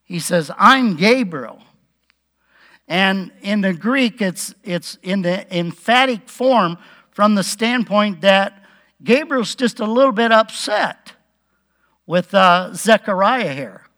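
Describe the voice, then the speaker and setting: A man preaching a relaxed Bible-teaching sermon, chuckling now and then and acting out the quotes. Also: sits high, slow pace.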